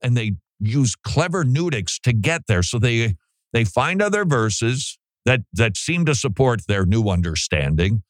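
A man preaching with wide swings in pitch, jumping high to mimic the people he criticizes. The sound is dry and close, with no room around it. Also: unhurried, dry recording. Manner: animated, mocking voices in quotes. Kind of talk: preaching commentary.

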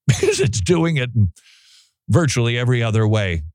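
A man hosting a talk show, giving sarcastic, animated commentary. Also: medium pitch, normal speed, no room sound. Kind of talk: opinionated commentary.

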